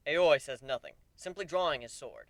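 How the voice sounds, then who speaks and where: A man giving a dramatic first-person reading of a story, swinging from deadpan asides to animated outbursts. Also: fairly high pitch, normal speed, no echo. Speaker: narrator.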